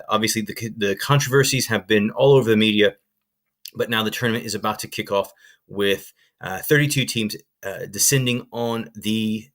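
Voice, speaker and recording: A man's voice: fairly low pitch, fairly bright tone. A young man hosting a sports betting channel, talking casually and enthusiastically with frequent fillers and restarts. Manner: chatty, filler-heavy, enthusiastic. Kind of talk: casual presenting to camera.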